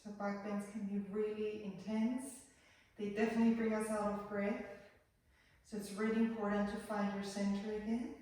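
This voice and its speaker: A woman teaching a yoga class, calmly cueing breath and movement in a gentle, guiding manner. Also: medium pitch, moderate pace. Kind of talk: guided yoga class instruction. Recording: echoey room, voice from far off the mic.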